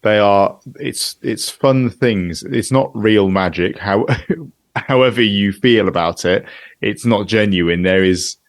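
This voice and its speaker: Lower-voiced man, dry analytical podcast chat. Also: slow, no echo. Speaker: podcast co-host. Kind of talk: casual chat.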